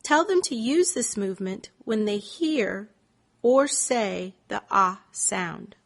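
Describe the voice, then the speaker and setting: A woman reading scripted teaching instructions as a reading teacher, sounding out vowels in a deliberate, drawn-out way. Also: medium pitch, expressive, creaky. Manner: slow, deliberate, stretched-out vowel demonstrations.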